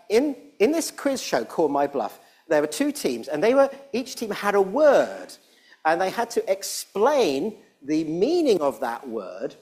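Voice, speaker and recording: A man's voice: fairly high pitch, a little mellow, slightly rough. A middle-aged man leading a jokey all-age church talk, playful and rambling as he teases the congregation. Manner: playful, rambling, teasing the audience. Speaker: church service leader.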